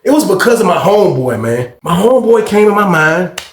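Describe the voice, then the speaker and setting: A man casually telling a story from his own life in a slangy, animated way, acting out the people in it. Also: high-pitched, brisk, roomy sound.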